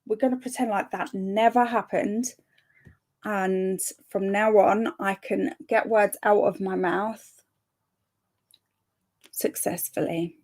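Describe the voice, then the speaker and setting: A young woman with a medium-pitched, darkish voice hosts a live reading sprint stream, speaking slowly and steadily with long pauses. She chats casually and reads out viewer comments, bubbly and quick to laugh, occasionally tripping over her words.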